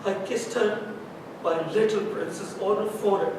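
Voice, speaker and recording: A man plays a distraught father who stammers and repeats himself as he retells the night. His voice sits high. It is caught from a distance in a very echoey room, with steady hiss and a low rumble behind. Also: natural voice. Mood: sorrowful. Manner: halting, stammering, repeating words. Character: anguished father telling of a night with his daughter. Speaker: stage actor in rehearsal. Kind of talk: stage drama rehearsal. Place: rehearsal room.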